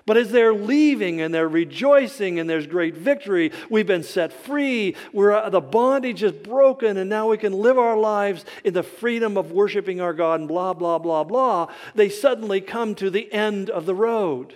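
A man preaching a sermon, telling the story with humor and lively acted-out quotes. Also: high-pitched, moderate pace, few pauses. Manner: animated storytelling with humor and dramatic quoted voices. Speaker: pastor. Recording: hall reverb.

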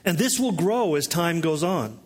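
A pastor preaching a conversational sermon, teaching with joking asides. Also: male voice, a little high, big pitch swings, unhurried.

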